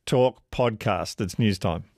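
A man's voice: fairly low pitch, takes it slowly, background noise. A man hosting a talk radio show, chatty and addressing his guest by name. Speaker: radio host. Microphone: studio microphone.

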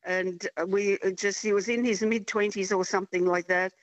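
A woman's voice: mid-range voice, fairly even intonation, moderate pace, no room sound. An older woman on a muffled, dull phone line, telling her tale in a chatty, stop-and-start way. Her voice sounds close and dry, with no room around it, and she keeps circling back with ums and small restarts. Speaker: caller. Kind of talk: phone-in storytelling. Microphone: telephone.

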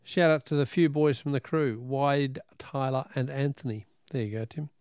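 A man hosting a radio quiz, upbeat with quick banter. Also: mid-range voice, darkish tone, smooth, no room sound, studio quality. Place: radio studio.

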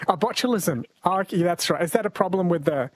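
Chatty Australian radio quiz host. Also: male voice, high-pitched, expressive, fast, no echo. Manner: chatty, jokey, laughs often. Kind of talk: late-night radio quiz hosting. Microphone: studio mic.

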